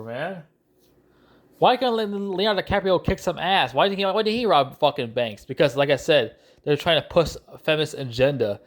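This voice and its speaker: A man ranting angrily through a video movie review, swearing and repeating himself, with frequent restarts. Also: mid-range voice. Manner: angry, profane, repetitive ranting; restarts and stumbles often.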